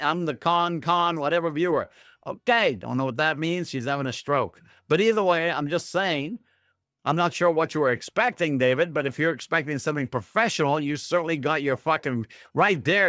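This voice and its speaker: A man's voice: on the high side, a bit bright, no echo, studio quality. Sarcastic, swearing livestream host, man. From Canada. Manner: sarcastic, self-mocking, swears a lot, talks to chat. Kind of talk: rambling profane livestream chat.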